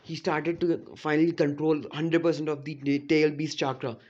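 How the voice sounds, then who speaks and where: A man's voice: a little high, level tone, moderate pace, a little mellow, highs cut off. A man casually retelling a fan story, rambling with many "you know, like" fillers.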